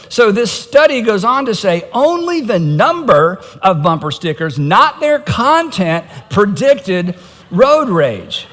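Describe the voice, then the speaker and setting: A middle-aged man preaching a sermon with a high, very animated voice. He talks casually and pokes fun at himself, with wry asides. His voice rings with the long reverb of a large auditorium. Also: slow. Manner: conversational and self-mocking, with wry asides. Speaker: pastor.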